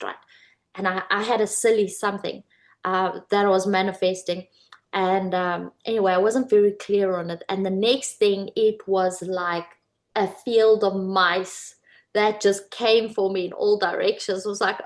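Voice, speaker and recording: A woman coaching viewers on manifesting in a casual, animated talk to camera, often calling them "you guys". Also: medium pitch, normal speed. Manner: animated, addresses viewers as "you guys", acts out quoted voices.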